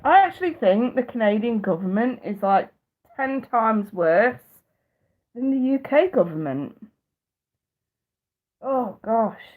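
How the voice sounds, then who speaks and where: A woman's voice: on the high side, lively intonation, takes it slowly, pauses often. A British woman in her thirties, a psychic reader chatting casually on a live stream, blunt and profane and often laughing. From United Kingdom. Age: 30s. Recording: tinny phone-like audio.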